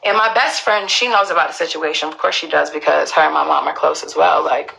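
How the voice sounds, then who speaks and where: A woman's voice: deep voice, fairly even intonation, a little fast, creaky, bright, forceful tone, poor audio. A woman, telling her own story to viewers in an emphatic, profane way. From Queens, New York. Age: early 20s. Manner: emphatic, profane, restarts often.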